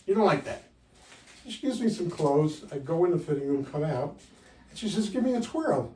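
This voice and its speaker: Older male stand-up comic, wry punchy delivery, lively pitch; roomy live sound from a distance. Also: moderate pace. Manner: wry, punchy delivery with loud jumps for quoted lines. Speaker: stand-up comedian. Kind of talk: stand-up comedy set. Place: comedy club stage.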